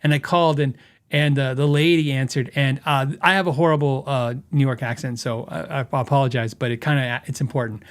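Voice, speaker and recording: A man's voice: mid-range voice, steady tone, brisk. A man hosting a podcast, telling stories in a rambling, casual way and laughing often. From western United States. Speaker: podcast host.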